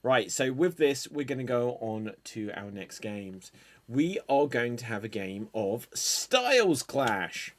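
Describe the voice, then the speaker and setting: Male improv host on a video call, slow and dry delivery, mid-pitched voice. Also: sing-song. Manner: unhurried, dry, calls out game prompts. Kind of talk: hosting online improv games.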